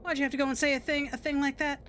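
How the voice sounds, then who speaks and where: Woman doing a folksy old cowboy, drawling and wistful, high voice. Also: level tone, racing, a bit bright, slight background noise. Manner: folksy drawl, homespun phrasing.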